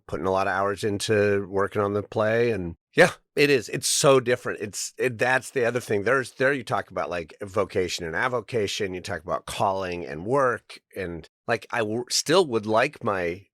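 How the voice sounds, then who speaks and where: Low-voiced, reflective man co-host. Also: dry recording, studio quality. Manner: relaxed and reflective, chuckles often. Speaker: podcast co-host. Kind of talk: casual chat.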